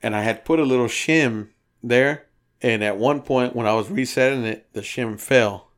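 Profane, animated storytelling man. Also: mid-range voice, moderate pace. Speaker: podcast co-host. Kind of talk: casual storytelling chat.

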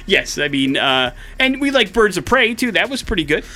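Chatty male morning show host, lively storyteller, bright timbre. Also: high voice, moderate pace, soft background music. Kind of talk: casual radio banter and storytelling. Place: radio studio.

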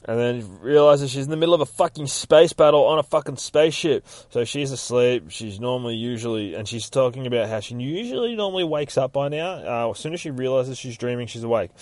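A man's voice: mid-range voice, animated, fairly quick, hardly any pauses, darkish tone, no room sound. A man casually recapping a comic book in a rambling, heavily profane way. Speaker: podcast host recapping a comic.

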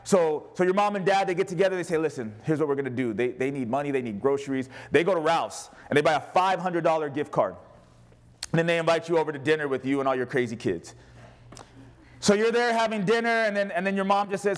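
A man preaching a sermon as pastor, animated, acting out the voices of the people in his stories. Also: fairly high pitch, quick pace. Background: congregation responding.

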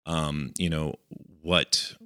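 A man's voice: a bass voice, fairly even intonation, drawn-out words, sharp tone, smooth, no echo, studio quality. A man co-hosting a casual podcast, rambling with lots of fillers and easy laughs. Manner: rambling, filler-heavy, chuckling. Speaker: podcast co-host.

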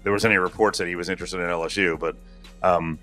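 A man hosting a casual sports talk show, talking in a rambling, animated way. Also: low voice, fast talker, soft background music.

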